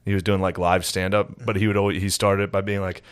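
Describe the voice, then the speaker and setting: Crude joking man, low voice. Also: little pitch movement, fast, clean tone. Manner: crude, joking, breaks into mocking put-on voices. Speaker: podcast co-host. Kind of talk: casual comedy podcast banter.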